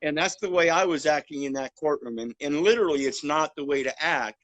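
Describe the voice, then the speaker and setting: A man's voice: fairly high pitch, a little fast, a bit bright, dry recording, highs cut off. A man in a casual chat, talking bluntly and with profanity, with a preachy edge.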